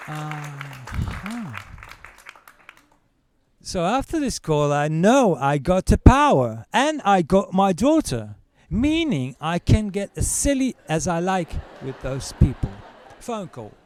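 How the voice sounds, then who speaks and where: A middle-aged man doing stand-up storytelling, who acts out other people in high, loud put-on voices. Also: very animated, measured pace, few pauses, some chatter behind. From Britain. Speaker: stand-up comedian.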